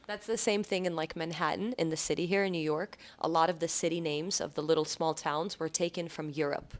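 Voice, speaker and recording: An American woman who works in a caviar store, explaining things clearly in a casual conversation and laughing easily. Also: sits low, steady tone, a little fast.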